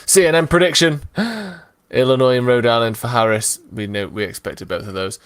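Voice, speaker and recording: A man's voice: mid-range voice, normal speed, clean tone, no echo. A man from England co-hosting a casual live stream, chatty and explaining things with asides and fillers. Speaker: co-host.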